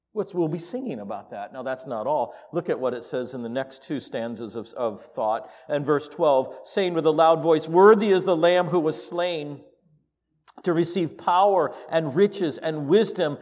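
A man preaching a sermon in a church, swinging from quiet asides to loud exclamations. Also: medium pitch. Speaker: pastor. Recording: reverberant hall.

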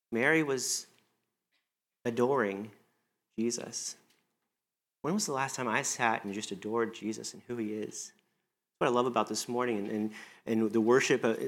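A man preaching a conversational sermon to his church, earnest and reflective, acting out quoted lines as he goes. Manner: conversational, earnest, often acts out quoted lines with rising pitch. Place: church service.

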